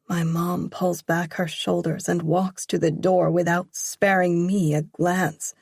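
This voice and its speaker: A woman's voice: on the low side, little pitch movement, slow pace, creaky, few pauses, a little mellow, breathy edge, no room sound, studio quality. A woman narrating a first-person romance audiobook, emotional and pleading in dialogue.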